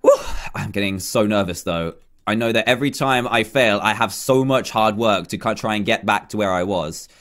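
This young man, a YouTuber narrating his gameplay, speaks at a moderate pace in a lowish, somewhat bright voice. He chats freely, mocks himself and is quick to get flustered.

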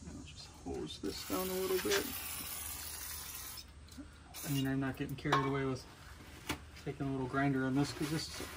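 A man's voice: mid-range voice, fairly even intonation, normal speed, pauses often, very noisy. Matter-of-fact man explaining car work. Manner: plain, practical, matter-of-fact. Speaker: mechanic doing the repair. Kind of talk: casual explaining while working. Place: garage or driveway, working on a car.

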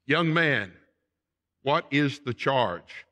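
A man's voice: mid-range voice, lively intonation, very slow, pushed and bright, in a large hall, exaggerated voice. A preacher voicing a stern commanding king. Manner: commanding, emphatic. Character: stern ancient male king judging a deserter.

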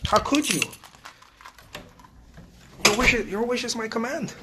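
A man's voice: very high voice, measured pace, heavy background noise. A man voicing a smug male genie who mockingly grants every wish.

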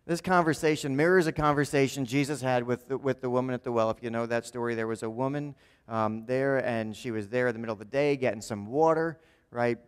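A man's voice: mid-range voice, a little fast, clean tone, in a large hall. A man preaching a sermon as pastor, talking conversationally and often checking in with "right?". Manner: acts out quoted speakers in changed voices. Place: church sanctuary.

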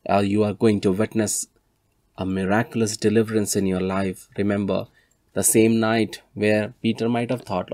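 A man's voice: lowish voice, flat delivery, normal speed, a little mellow, dry recording. A man preaching a sermon, retelling scripture stories in an earnest storytelling way and building to emphatic appeals.

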